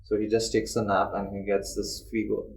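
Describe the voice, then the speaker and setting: A man's voice: fairly low pitch, monotone, moderate pace, vocal fry, a little mellow, a little hiss or hum, poor audio. A young man, casually telling a ghost story on a podcast and swearing freely. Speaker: podcast host.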